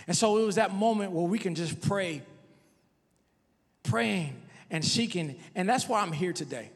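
Preaching in a testimonial style, a middle-aged pastor recounts his own experience, building from softness to strong emphasis as he urges his listeners. His high-sitting voice is expressive, measured and touched with vocal fry, and a long reverb tail follows it.

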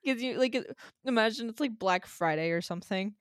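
Woman, podcast co-host, sarcastic, fairly high voice, dry close sound. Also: a little fast, dry recording. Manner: sarcastic, deadpan, swears. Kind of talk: casual chat.

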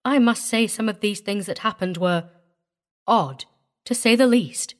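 A woman's voice: medium pitch, unhurried, pitched above the performer's own voice, lightly acted. A woman voicing a dry, cheerful countrywoman who tells a tale in a drawl and snaps at the driver. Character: dry, brisk countrywoman storyteller, bossy and cheerful.

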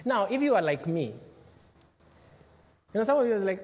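High-voiced preacher in an echoing church. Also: male voice, big pitch swings, moderate pace. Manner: emphatic preaching, swinging from loud to hushed. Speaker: pastor. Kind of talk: sermon. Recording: dull lo-fi sermon recording with long hall reverb.

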